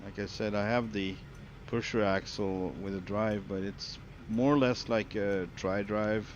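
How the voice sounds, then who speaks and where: A man's voice: fairly low pitch, measured pace, muffled recording. A man with a Swedish accent, a streamer chatting casually and joking while playing a driving game. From Sweden. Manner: relaxed, joking, thinks aloud. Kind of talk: casual gameplay commentary. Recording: loud engine noise under the voice.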